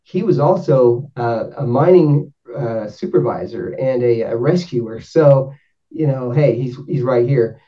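A man's voice: medium pitch, unhurried, recorded from a distance. A man from North Georgia tells a loose, rambling story. He often restarts his sentences and livens up when he quotes other people. He sits back from the mic on a dull, muffled recording. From North Georgia, USA. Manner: rambling, self-correcting, animated when quoting. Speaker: guest explaining spirit sessions. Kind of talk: casual storytelling.

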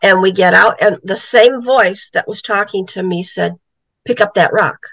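A middle-aged woman with a gravelly, creaky edge to her voice tells a story as an interview guest. She leaps into the voices of the people she quotes, and the sound is dry and close. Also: mid-range voice, normal speed, fairly bright tone, dry recording, rough recording. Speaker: guest, author and psychic medium.

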